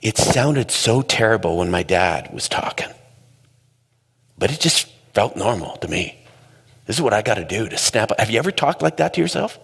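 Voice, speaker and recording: Gravelly man in a reverberant hall. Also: on the low side, moderate pace. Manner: conversational, animated storytelling. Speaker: speaker. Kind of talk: storytelling talk.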